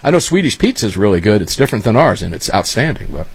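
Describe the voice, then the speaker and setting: Chatty husky man telling stories. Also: fairly low pitch, sing-song, fast. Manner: rambling, chatty storytelling. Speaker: talk show host. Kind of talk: casual chat.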